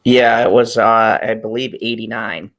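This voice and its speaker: A man in his thirties on a panel, talking in a slow, hesitant way over a remote call. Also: fairly low pitch, fairly even intonation, a bit bright. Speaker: panelist on a live stream. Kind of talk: casual call-in chat.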